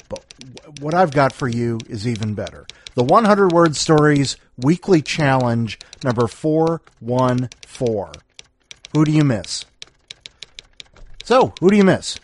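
A man's voice: medium pitch, slight background noise. A man hosting a story podcast, chatting in a playful, rambling way. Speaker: podcast host. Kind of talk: casual chat.

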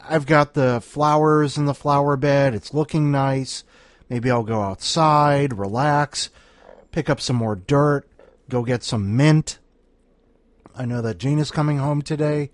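A man's voice: medium pitch, no room sound. Male podcast host, chatty and joking, rambling, dry close mic. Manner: playful, rambling. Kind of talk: casual chat.

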